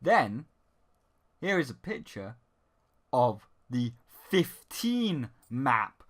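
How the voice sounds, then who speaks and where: A man's voice: mid-range voice, very animated, extremely slow, long pauses. A man ranting sarcastically and profanely in a game review.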